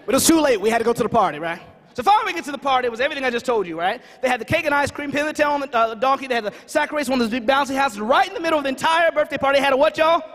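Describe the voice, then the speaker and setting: A man giving a comedic storytelling keynote at a conference, animated and always checking in with the crowd. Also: very high-pitched, racing. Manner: animated, asks the crowd questions, fond of "right?". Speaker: conference speaker. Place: conference hall stage. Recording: reverberant conference hall.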